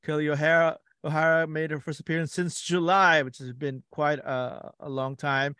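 A man's voice: on the high side, normal speed, clear, resonant tone, no echo. Chatty man telling stories, dry sound. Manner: animated storyteller, many fillers and restarts. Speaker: podcast co-host. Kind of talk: casual sports chat.

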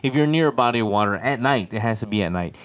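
Talking fast in a medium-pitched, expressive voice, a young podcast co-host from Chicago rambles through a story in casual conversation. He repeats himself often and switches to a wailing voice for the quotes.

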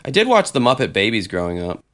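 A man's voice: lowish voice, huge pitch swings, quick pace, fairly bright tone. A man co-hosting a podcast, chatting bluntly and swearing freely, often restarting his sentences. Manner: blunt, profane banter with frequent restarts. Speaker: podcast co-host. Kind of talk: casual chat.

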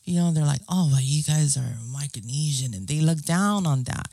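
A woman's voice: deep voice, lively intonation, normal speed, creaky, warm tone, no room sound. A middle-aged woman from Guam, talking earnestly in a casual interview and often asking "you know what I'm saying". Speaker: guest.

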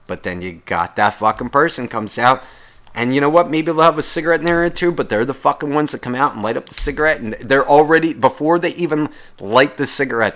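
A man's voice: mid-range voice, moderate pace, pushed and bright. A man hosting a podcast, delivering a sarcastic, profanity-laced comedic rant. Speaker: podcast host.

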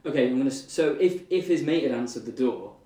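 A man's voice: mid-range voice, animated, quick pace, dark tone, reverberant. A man co-hosting a podcast in casual chat, asking questions with hesitant interjections. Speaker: podcast co-host.

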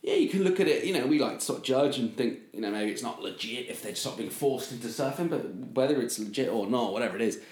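A man's voice: medium pitch, animated, fast talker, few pauses, a little mellow. A man co-hosting a casual podcast, talking in a rambling way with many fillers and casual swearing. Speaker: podcast co-host. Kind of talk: casual chat. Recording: roomy echo.

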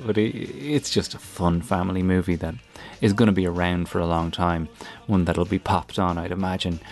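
An Irish man hosting a podcast, asking leading questions in a chatty way and laughing easily. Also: deep voice. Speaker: podcast host. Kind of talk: conversational interview and outro.

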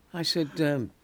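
An older actor telling lively anecdotes in an interview, acting out other people's lines and laughing often. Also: male voice, fairly high pitch. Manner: animated storyteller, acts out quoted voices, laughs often. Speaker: actor guest.

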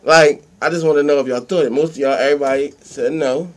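A man's voice: fairly high pitch, steady tone. A man hosting a podcast, moderating a rowdy group discussion and cutting in to steer it. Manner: fast, interrupting, moderating the group. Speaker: podcast host. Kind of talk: casual group chat.

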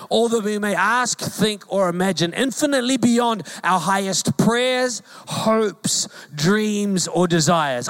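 A New pastor in his forties with a high-pitched voice gives a sermon. He talks conversationally and jokes with the congregation. He drives his points home by repeating them. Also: a bit bright. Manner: conversational and joking, with emphatic repetition.

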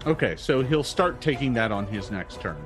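Lively male game master, swooping voice. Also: medium pitch, moderate pace, music in the background. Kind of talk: narrating a tabletop game.

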